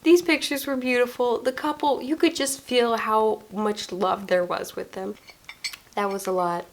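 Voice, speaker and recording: Young female vlogger, mid-high and a bit gravelly, animated storyteller who acts out quotes. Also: a little slow. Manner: animated storytelling, acting out quoted dialogue, frequent laughs. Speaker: wedding photographer and vlogger. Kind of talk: casual storytime vlog.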